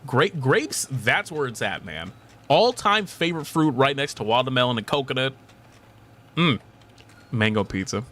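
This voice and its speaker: A young man streamer in casual chat, rambling and animated, swearing casually and laughing often. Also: mid-range voice, moderate pace.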